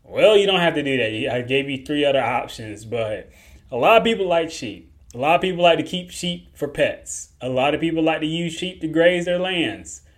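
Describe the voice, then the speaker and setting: A man's voice: on the high side, animated, moderate pace. Laid-back joking podcast host, man. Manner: laid-back, joking, chuckles through lines. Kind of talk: casual solo podcast talk.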